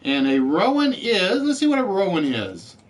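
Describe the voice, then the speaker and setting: A man's voice: high-pitched, wildly swooping pitch, moderate pace. A man hosting a live-streamed word game show, chatty, reading out letters and scores and joking with the players.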